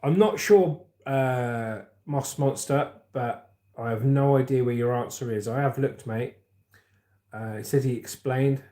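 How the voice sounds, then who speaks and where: A man's voice: mid-range voice, warm tone. A middle-aged man, hosting a casual livestream and chatting loosely while reading out viewer comments. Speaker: livestream host.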